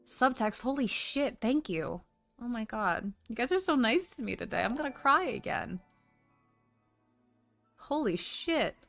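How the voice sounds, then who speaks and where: Pitched on the high side with a slight brightness, this woman's voice belongs to a talkative livestreamer. Her casual chat is full of swearing and gushing gratitude toward donating viewers.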